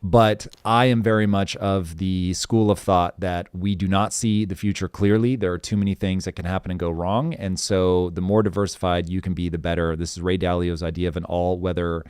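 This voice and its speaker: A middle-aged man hosting a live podcast stream, chatting casually and hyping up the chat with shout-outs. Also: deep voice, flat delivery, moderate pace, few pauses, clear, resonant tone, no room sound, studio quality. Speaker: podcast host.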